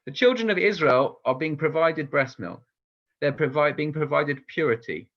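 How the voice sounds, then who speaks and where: Candid rabbi, muffled recording. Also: male voice, fairly high pitch, expressive, moderate pace, fairly bright tone. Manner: candid, personal and reflective. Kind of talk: conversational sermon.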